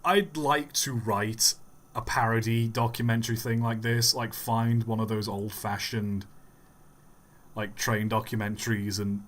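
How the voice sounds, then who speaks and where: A man's voice: lowish voice, fairly even intonation, unhurried, a bit bright. A man live-streaming and giving rambling, wry commentary with the odd chuckle.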